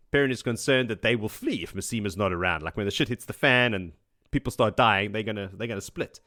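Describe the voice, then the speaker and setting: A man's voice: fairly low pitch, brisk, bright, forceful tone, no room sound, clean studio sound. A man hosting a podcast, recapping a book chapter by chapter in a casual, joking way with frequent laughs. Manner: joking, chatty, laughs often. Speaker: podcast host.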